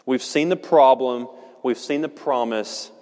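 A man preaching a sermon in a church, earnest and measured, slowing down to stress key words. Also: medium pitch, darkish tone. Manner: earnest, measured, slows for emphasis. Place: church sanctuary. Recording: long hall reverb.

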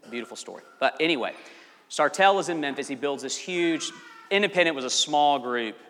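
A man's voice: mid-range voice, fairly bright tone, in a large hall. A man preaching as pastor, telling a story in a chatty, rambling way and laughing at his own asides. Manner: chatty, rambling, self-amused. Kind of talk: sermon storytelling.

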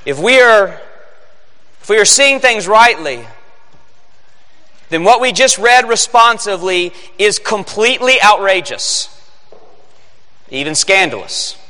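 Man preaching, high bright voice, earnest, echoing sanctuary reverb. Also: animated, unhurried, pauses often. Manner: earnest, building to emphatic peaks. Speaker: pastor. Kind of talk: Christmas Eve sermon. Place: church sanctuary.

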